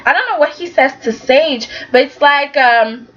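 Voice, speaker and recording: A woman's voice: sits high, normal speed, fairly bright tone, dull audio. A woman giving a chatty, sassy recap of a soap opera and acting out the characters' lines. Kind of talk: casual recap commentary.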